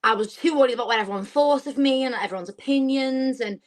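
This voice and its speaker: Woman, twenties, slightly high voice, chatty storytelling, podcast guest. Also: fast talker, poor audio. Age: 20s. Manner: chatty, animated storytelling with quoted asides. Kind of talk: casual chat.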